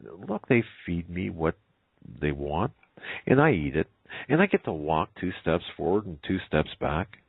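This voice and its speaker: A man's voice: low voice, sing-song, a little slow, vocal fry, slightly rough, dry recording, exaggerated voice. A man voicing a shy, unsure young male elephant in a read-aloud story. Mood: timid. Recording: tinny phone-like line.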